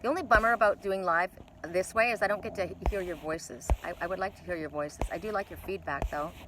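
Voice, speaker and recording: A woman's voice: fairly low pitch, fast talker, noisy background. A woman doing a live oracle card reading outdoors by a lake, chatty and blunt, swearing casually.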